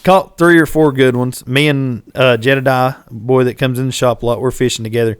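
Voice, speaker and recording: A man, hosting a podcast and telling a fishing story in casual chat, animated and acting out what people shouted. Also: mid-range voice, a little fast, clear, resonant tone, no room sound, clean studio sound. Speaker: podcast host.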